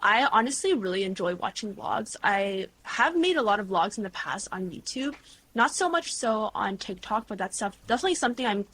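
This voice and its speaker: A woman in her twenties, a guest creator, chatting casually in an interview with lively storytelling and lots of fillers. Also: medium pitch, fairly quick. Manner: bubbly, animated storytelling with frequent "like" and laughs.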